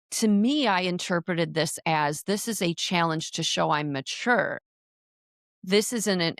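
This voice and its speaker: A woman's voice: lowish voice, dry recording, clean studio sound. A woman guest in an interview, telling a personal story in an earnest way with frequent restarts.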